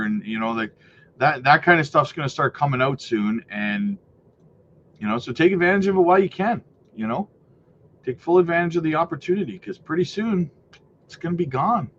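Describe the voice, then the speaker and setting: A crypto livestream host reads viewer comments aloud in a casual, upbeat, hyped manner, peppering his talk with "you know" and "right". His voice is on the high side and fairly bright, swinging widely in pitch at a normal speed. The sound is slightly muffled with faint noise.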